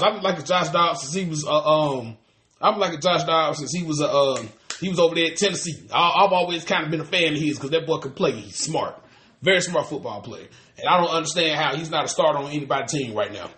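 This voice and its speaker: A man's voice: fairly high pitch, quick pace, pushed and bright, echoey room. A man, co-hosting a podcast in casual chat, ranting animatedly and cursing with lots of restarts. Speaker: podcast co-host.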